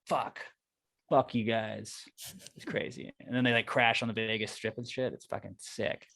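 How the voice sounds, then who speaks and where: A man's voice: lowish voice, moderate pace, gravelly. A man co-hosting a podcast, ranting in casual chat with lots of swearing. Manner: profane, excitable, rants with put-on quotes. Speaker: podcast co-host.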